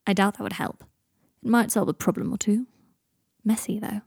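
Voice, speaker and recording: A woman's voice: mid-range voice, fairly even intonation, normal speed, vocal fry, darkish tone, breathy edge, dry recording. A woman reading the part of a sick, sardonic, posh young man, drawling and dry.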